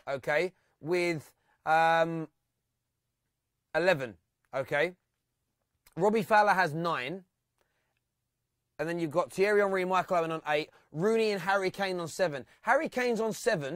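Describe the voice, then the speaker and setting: Brief: male phone-in host, lively and chatty, higher voice, dry mic. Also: dry recording. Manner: excitable, reads out fan comments and stats. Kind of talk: live fan phone-in chat.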